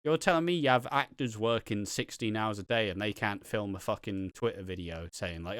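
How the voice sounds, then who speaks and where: A man co-hosting a podcast, talking in an animated, opinionated way with some swearing. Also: fairly low pitch, a little fast, hardly any pauses, dry recording, studio quality. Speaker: podcast co-host. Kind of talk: casual chat.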